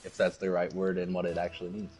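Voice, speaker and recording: A man's voice: low-pitched, monotone, fast, music in the background. A man gaming with a friend, making wry quips and laughing often. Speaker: gamer co-host. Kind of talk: casual gaming chat.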